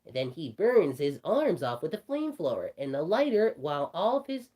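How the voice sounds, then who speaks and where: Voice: mid-range voice, sing-song, normal speed, dark tone. Someone doing Bugs Bunny, rambling storyteller. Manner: rambling, stumbling restarts. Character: cartoon rabbit telling a creepy story. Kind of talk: storytelling in character.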